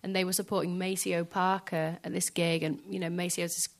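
A woman musician speaking softly and hesitantly in a reflective interview in front of a live audience, filling pauses with small filler phrases. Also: on the low side, little pitch movement, gravelly. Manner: soft, hesitant, many fillers. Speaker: guest musician.

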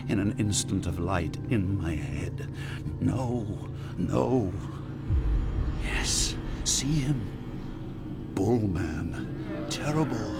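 A man's voice: on the low side, lively intonation, drawn-out words, vocal fry, pauses often. Brooding haunted man over music. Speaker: aging dramatist. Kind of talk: radio drama monologue. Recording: music underneath.

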